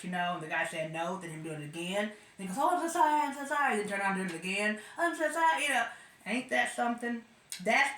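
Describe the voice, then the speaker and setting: A woman's voice: mid-range voice, sharp tone, echoey room. A woman giving casual commentary as a vlogger, blunt and sarcastic, often trailing off and restarting. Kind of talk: casual opinion monologue.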